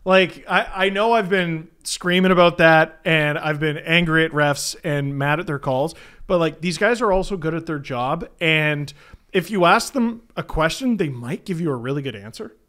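Co-host, man, fairly high voice, jokey and chatty. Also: normal speed, fairly bright tone. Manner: joking, chatty storyteller. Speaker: podcast co-host. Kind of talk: casual hockey chat.

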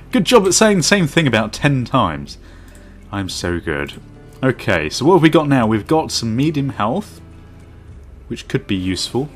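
Game commentator, male, lowish voice with lively swings, chatty and self-mocking, soft music under him. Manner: thinks aloud, self-mocking asides. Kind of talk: casual let's-play commentary. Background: faint background music.

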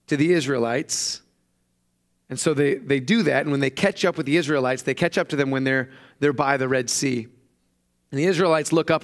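A man preaching a sermon in an animated storytelling manner. His voice sits a little higher than most men's, and it climbs even higher whenever he acts out the people in the story he is retelling. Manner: animated storytelling, acting out quoted voices with raised pitch. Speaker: pastor. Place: church.

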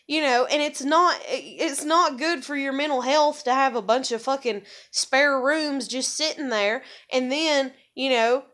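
An American woman ranting in a vlog, angry, profane and rambling, her voice jumping high when heated. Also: fairly bright tone. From USA. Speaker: vlogger. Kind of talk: ranting monologue.

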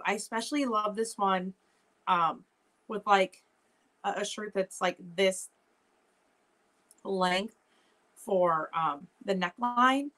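Woman host, mid-pitched, chatty and upbeat, running a casual live sale. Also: fairly bright tone. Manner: chatty, upbeat, talks straight to viewers. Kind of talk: casual live-stream selling chat.

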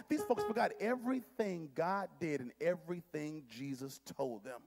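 High-voiced man preaching in a reverberant church. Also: animated, normal speed, gravelly, few pauses, soft background music. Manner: dynamic preaching, swinging from shouts to hushed near-whispers; talks directly to the congregation in call-and-response. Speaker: pastor. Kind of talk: sermon. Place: church sanctuary. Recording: long hall reverb in a church.

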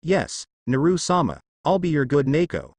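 A man's voice: a little high, big pitch swings, normal speed, no echo. A man voicing a submissive female cat spirit who pleads and squeals, read in a fanfic audio story. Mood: pleading. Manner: pleading and breathless.

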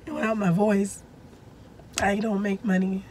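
A woman vlogging casually from her car while hoarse and losing her voice, her strained speech breaking into whispers. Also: mid-range voice, flat delivery, a little slow, a crowd in the background. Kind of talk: casual vlog.

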